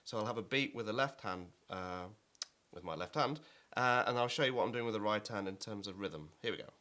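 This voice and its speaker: A man's voice: on the low side, a little fast. A man teaching an online keyboard lesson, explaining at an easy pace with fillers and now and then chanting rhythm words over his playing.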